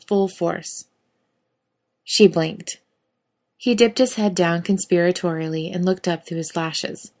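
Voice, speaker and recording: A woman reading a story aloud in a wry, expressive way. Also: lowish voice. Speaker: narrator. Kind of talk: reading fan fiction aloud.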